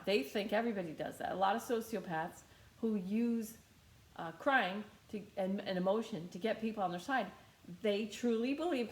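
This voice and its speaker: A woman's voice: mid-range voice, roomy sound. A woman teaching a guided meditation in a casual, chatty way, often repeating her phrases.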